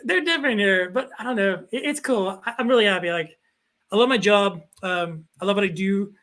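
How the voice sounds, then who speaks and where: A man's voice: high voice, brisk. A young man from Texas, a local TV sports reporter, chatting casually as a podcast guest, rambling through stories with lots of fillers. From El Paso, Texas. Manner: rambling, animated storytelling with many fillers.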